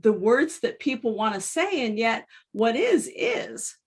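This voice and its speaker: A woman with a husky, breathy voice and a fairly high pitch hosts a conversational interview. She talks earnestly and often restarts her sentences. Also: very animated, measured pace. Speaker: host.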